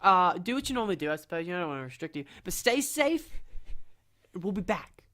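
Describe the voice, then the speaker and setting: A man with a high-pitched, lively voice talks in rapid-fire bursts with a sharp edge. He hosts a casual podcast and acts as game master, narrating an improvised story while he rambles, corrects himself, and gets flustered easily.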